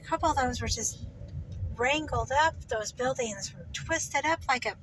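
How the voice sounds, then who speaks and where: A woman narrating her drive in hushed, shocked exclamations from inside a car. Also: high voice, moderate pace, distant mic, rough recording. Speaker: vlogger. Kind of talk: driving commentary. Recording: clear road noise in car. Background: road and vehicle noise.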